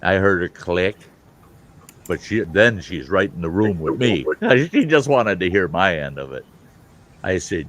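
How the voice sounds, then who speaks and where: A man spins a story for friends on an online call, his voice rising and falling over a wide range. He swears freely and works himself up until he is nearly shouting. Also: deep voice, a little slow. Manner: animated, profane, grows loud and heated. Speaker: host of an online hangout. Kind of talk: casual storytelling.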